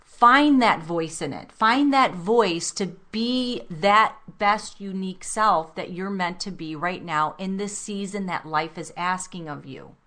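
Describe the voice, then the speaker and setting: A woman's voice: mid-range voice, unhurried, pushed and bright. A woman co-hosting a self-help talk show, speaking earnestly and reflectively and addressing listeners directly. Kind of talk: motivational talk radio chat.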